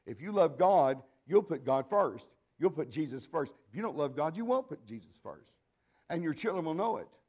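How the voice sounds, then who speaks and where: An older man preaching a sermon, slightly high in pitch. He talks in a folksy, conversational way, wandering into asides and restarting his sentences as he goes.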